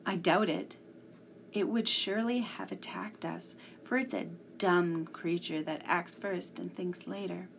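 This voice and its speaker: A woman doing a steady old professor. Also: on the low side, creaky, slight background noise. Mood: urgent. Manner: measured, reassuring explanations. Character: calm older male professor leading boys.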